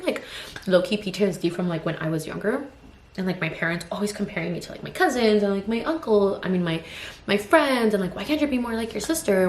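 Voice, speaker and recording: A woman in her twenties, a vlogger and mother of two toddlers, venting in a frank, rambling casual chat packed with "like" and "you know". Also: lowish voice. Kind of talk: casual get-ready-with-me vent. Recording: roomy echo with faint ambience.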